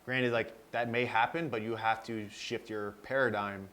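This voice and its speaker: A man's voice: on the low side, steady tone, normal speed, fairly bright tone. A young man co-hosting a podcast, talking earnestly about drive and mindset with many fillers. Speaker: podcast co-host. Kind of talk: casual chat.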